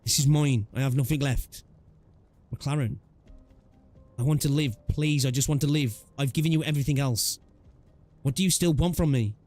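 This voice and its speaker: A terrified older shopkeeper who has lost his hearing begs to be left alone, voiced plainly by a man. His lines are desperate and pleading at an ordinary mid pitch. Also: normal speed, pauses often, darkish tone, soft background music, lightly acted.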